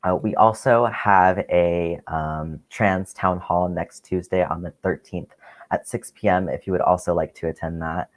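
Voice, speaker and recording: A man with a very low voice hosting a live stream from a video call. He thanks and praises his guests in a halting, encouraging way. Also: fairly even intonation. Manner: encouraging, with frequent "um"s. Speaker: host.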